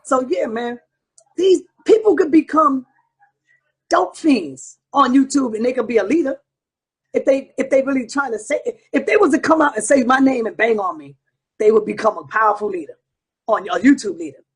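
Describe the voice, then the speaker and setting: Very husky man ranting to his viewers. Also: extremely high pitch, expressive, moderate pace. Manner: profane, combative, preaching to viewers. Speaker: online show host. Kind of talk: heated ranting monologue.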